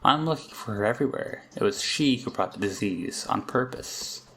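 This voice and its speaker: A man reading aloud the lines of a frantic young girl who says her demonic double is hunting her, in a rushed, pleading way. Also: fairly low pitch, animated, fairly bright tone, a little hiss or hum. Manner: pleading, rushed, half-hysterical. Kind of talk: reading game dialogue aloud.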